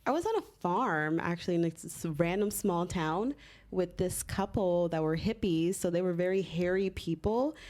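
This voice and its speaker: A woman's voice: lowish voice, moderate pace. Laughing woman telling travel stories. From Miami, Florida. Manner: laughing storyteller, lively anecdotes. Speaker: guest. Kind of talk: casual podcast chat.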